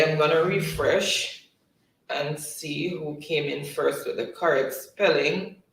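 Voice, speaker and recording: A man's voice: fairly high pitch, gravelly. A man hosting a live-stream spelling quiz in a casual, chatty way, reading viewers' comments aloud and laughing often. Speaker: livestream quiz host. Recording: echoey room, distant mic.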